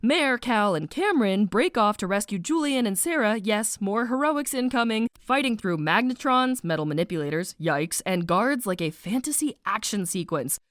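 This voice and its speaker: A woman narrating a snarky animated book summary, playful and sarcastic, with slang asides and spoken sound effects. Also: medium pitch, moderate pace, few pauses, no room sound, studio quality.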